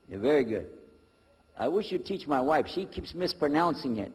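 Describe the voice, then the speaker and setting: A man's voice: on the high side, big pitch swings, moderate pace, a little mellow, husky, in a large hall. A man giving a lecture to a live audience, joking and talking in a folksy, conversational way. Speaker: Islamic lecturer.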